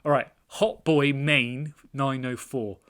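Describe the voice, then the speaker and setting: A man's voice: mid-range voice, steady tone, slow, fairly bright tone. Chatty man answering viewer comments. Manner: chatty and self-deprecating, often laughing. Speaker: trading card collector channel host.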